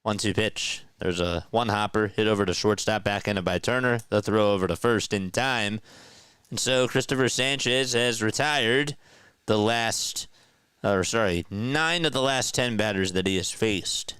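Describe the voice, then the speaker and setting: A young man calls a baseball game live for viewers, easygoing and chatty, laughing between pitches. His voice is a little low and very clear, with an unhurried, slow delivery. He is recorded close to the mic in a dry, dead room. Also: a bit bright, no room sound. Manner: casual, laughs often, chats with viewers. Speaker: play-by-play streamer. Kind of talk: live baseball commentary and chat.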